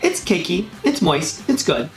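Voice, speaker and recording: A woman's voice: lowish voice, sing-song, a little slow. A woman hosting a casual taste-test video, upbeat and laughing often between bites. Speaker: host. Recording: echoey room with faint music.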